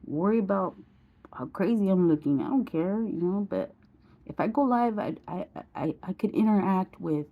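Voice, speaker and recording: A woman's voice: mid-range voice, expressive, moderate pace, narrow, tinny audio. A woman in her forties talking straight to camera in a candid personal vlog, blunt and emotional, swearing casually. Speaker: vlogger.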